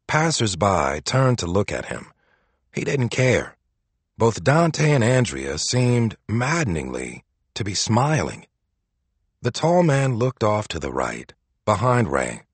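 Low husky guy reading an audiobook, dramatic, lively pitch. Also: a little slow, no echo. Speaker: narrator. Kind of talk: audiobook narration.

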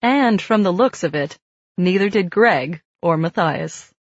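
A woman narrating an audiobook in a calm, steady storytelling manner. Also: on the low side, a little slow, dry recording. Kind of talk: scripted narration. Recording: dull dry studio read.

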